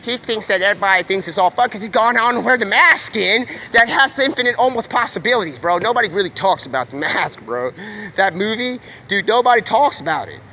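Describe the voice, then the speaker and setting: A man with a high, bright voice rambles on in casual slang, leaping from one idea to the next with excitable energy. He is outdoors, with faint street and vehicle noise behind him. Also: brisk. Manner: excitable, slangy, jumps between topics. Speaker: live streamer. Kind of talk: rambling stream-of-consciousness monologue.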